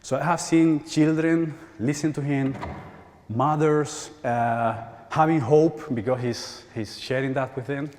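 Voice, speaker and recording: A man in his forties with a Spanish accent, speaking English as a second language at a conference, halting and repeating words and laughing often. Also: a little high, fairly even intonation, darkish tone. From Spain. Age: 40s. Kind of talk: conference talk. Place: large church hall. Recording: hall reverb.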